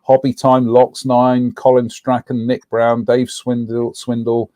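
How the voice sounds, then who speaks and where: Male co-host, casual and rambling, mid pitch, dry close sound. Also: monotone, a little slow, dark tone, no room sound. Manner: rambling, frequent ums, reading out viewer names. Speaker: co-host of a live stream. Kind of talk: casual live-stream chat.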